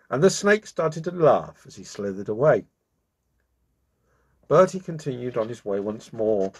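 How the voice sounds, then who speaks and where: A man hosting his own channel, reading a children's story aloud with expressive delivery. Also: mid-range voice, a little slow, pauses often, breathy edge.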